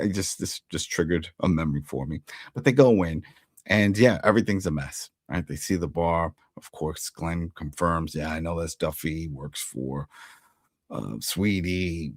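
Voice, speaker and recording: A man's voice: low-pitched, no room sound, studio quality. A man hosting a TV recap, talking casually and acting out the characters' lines as he goes. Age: adult who was once an altar boy. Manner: animated, acts out character lines in quotes. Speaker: TV recap host.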